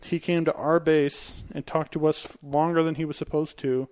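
Blunt, animated man on a podcast. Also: a little high, moderate pace. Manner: blunt and profane, acts out quoted dialogue. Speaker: podcast guest. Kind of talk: casual podcast chat.

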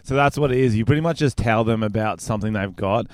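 A man's voice: on the low side, fast, no echo. Laughing man telling stories. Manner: laughing, animated storytelling. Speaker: podcast co-host. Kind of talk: casual comedic chat. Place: studio.

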